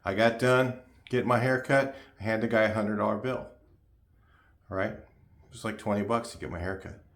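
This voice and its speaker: A man's voice: on the low side, steady tone, normal speed, fairly bright tone. A man in his sixties chatting casually to his viewers, rambling with lots of fillers and restarts. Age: 60s. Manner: chatty, repeats himself, frequent fillers and restarts. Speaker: car channel host. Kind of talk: casual rambling talk to camera. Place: home garage.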